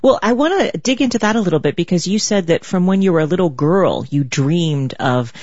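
Measured interviewer woman, dry sound. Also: lowish voice, lively intonation, darkish tone, no echo, highs cut off. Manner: measured, prepared questions. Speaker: interviewer host. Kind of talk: broadcast interview.

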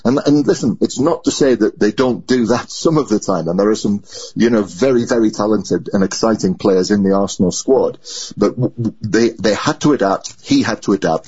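A man speaking as a football correspondent in a live news interview, measured and given to restarting his sentences. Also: lowish voice, a little mellow, slightly rough, dull audio.

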